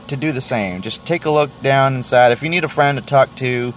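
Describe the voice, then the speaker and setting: A man's voice: mid-range voice, a little fast, few pauses, slight background noise. A man hosting a solo podcast, venting in a rambling way, stammering through restarts and swearing freely. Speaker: podcast host.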